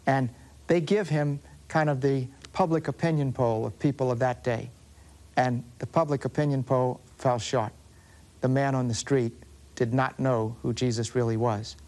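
A man with a Southern US accent preaching a sermon as a Catholic preacher, explaining scripture earnestly and slowing down to stress references. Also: medium pitch, steady tone, darkish tone.

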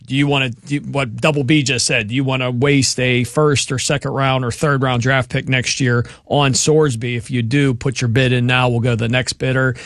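A man's voice: medium pitch, flat delivery, normal speed, hardly any pauses, a bit bright, dry recording, clean studio sound. A man from western Pennsylvania hosting a casual sports talk show, chatty and reeling off facts with frequent fillers.

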